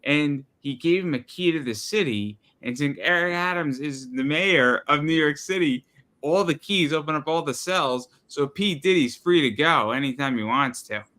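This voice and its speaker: A man's voice: on the high side, animated, moderate pace, bright, forceful tone. A man trading jokes and wild theories as a co-host in a casual chat. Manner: joking, conspiratorial. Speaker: podcast co-host.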